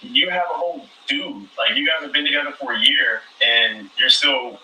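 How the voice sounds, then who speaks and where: A man answering questions at a reunion, measured and defensive, heard from a distance in an echoey space. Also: medium pitch, sharp tone, a little hiss or hum. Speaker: reality show contestant.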